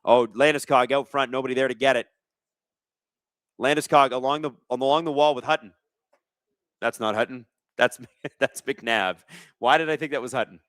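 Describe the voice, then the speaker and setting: A man's voice: mid-range voice, steady tone, normal speed, pauses often, a bit bright, dry recording. A man hosting a casual live sports watch-along, reading chat aloud and joking sarcastically, with plenty of swearing. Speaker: livestream host.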